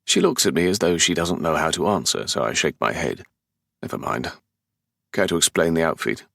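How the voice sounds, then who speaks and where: A man with a London English accent reads a first-person romance audiobook in a dry, sardonic, exasperated voice. His voice sits very low, with a gravelly, husky grain. The recording is close and dry. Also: very animated, a little fast, fairly bright tone, dry recording. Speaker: audiobook narrator. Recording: dry close studio sound.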